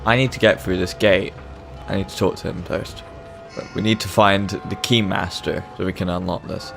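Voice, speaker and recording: A man's voice: low voice, steady tone, moderate pace, vocal fry, fairly bright tone, faint music behind. A man giving casual, joking, rambling commentary while playing a video game. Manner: joking, rambling, self-deprecating. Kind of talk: casual let's-play commentary.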